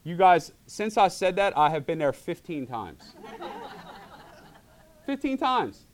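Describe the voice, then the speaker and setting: A middle-aged man delivers a sermon from the pulpit. He speaks in a fairly high voice and stays animated, acting out what people say as he tells stories to his congregation. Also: normal speed. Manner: animated, acts out voices in quotes. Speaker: pastor.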